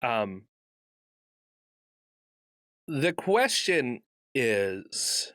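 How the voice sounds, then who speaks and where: Podcast co-host, male, slow deliberate delivery, joking and animated, dead-dry recording. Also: medium pitch, dry recording. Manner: animated, laughs often, jokey asides. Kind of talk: casual chat.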